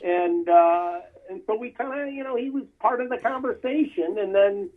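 A man's voice: sits high, moderate pace. A man chatting casually about old films, rambling with many fillers and restarts. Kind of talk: casual film chat. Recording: tinny phone-line sound.

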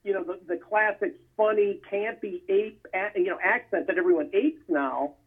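Guy with a husky kinda high voice rambling about movies, sounds like a phone line. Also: moderate pace. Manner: rambling, many fillers and restarts. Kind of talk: casual film chat.

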